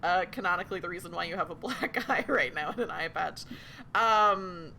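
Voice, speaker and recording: A woman's voice: on the low side, normal speed, creaky, sharp tone, slight background noise. A woman facilitating a tabletop role-playing game, chatty and full of fillers. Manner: chatty, many ums and likes, giggly.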